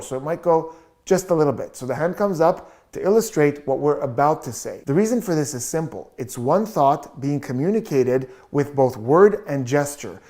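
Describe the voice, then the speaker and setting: A body language analyst giving a measured, explanatory video commentary as the regular host. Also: mid-range voice, a little mellow. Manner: explanatory, measured, repeats "just a little bit".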